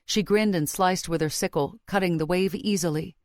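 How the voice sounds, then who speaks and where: A woman narrating a fantasy audiobook in the first person with a steady, measured reading. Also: fairly low pitch, dry recording, studio quality.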